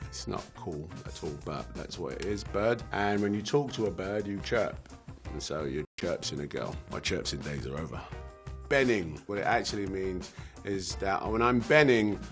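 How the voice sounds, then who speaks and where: A man with a British accent casually explaining slang to camera, relaxed and chuckling, with drawn-out explanations. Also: deep voice, soft background music. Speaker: slang explainer in a video clip.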